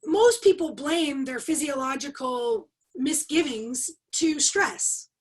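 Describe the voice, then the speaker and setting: A middle-aged woman leading a leadership webinar over a video call, teaching in an animated, emphatic way and asking the audience rhetorical questions. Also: high voice, slow pace, low-quality recording. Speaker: leadership coach and trainer.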